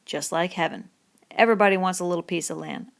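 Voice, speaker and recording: A woman reading the part of a bitter, lonely middle-aged male stable hand in a rough rural dialect, in an audiobook. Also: on the low side, fast talker. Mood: scornful.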